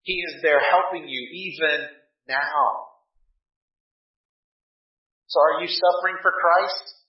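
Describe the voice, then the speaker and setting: A male pastor preaching a sermon, emphatic, with slow drawn-out pauses and rhetorical questions. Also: on the high side. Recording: echoey, distant, dull room recording.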